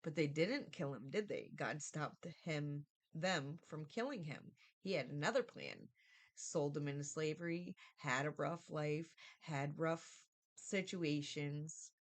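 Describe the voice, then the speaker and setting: A woman's voice: low-pitched, animated, slow pace. A woman giving a casual, rambling Bible study review, thinking aloud and often asking "right?".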